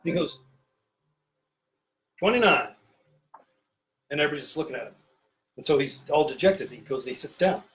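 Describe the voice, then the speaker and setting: High-voiced man rambling behind a bar. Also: fast talker, a little hiss or hum, poor audio. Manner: rambling, self-interrupting, playful. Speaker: bartending show host. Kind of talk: casual joke-telling chat while mixing drinks. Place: home pirate-themed bar.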